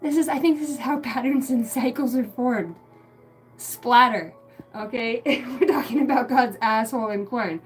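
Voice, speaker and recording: High-voiced woman live-streaming, crude and giggly, cussing a lot, soft music behind her. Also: moderate pace, low-quality recording. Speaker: livestream host. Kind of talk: rambling live-stream chat.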